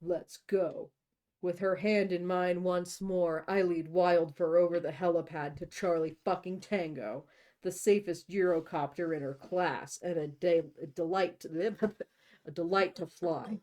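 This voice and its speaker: Woman host, comic read-aloud of a novel, deadpan delivery, jokey asides, lowish pitch. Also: a little slow.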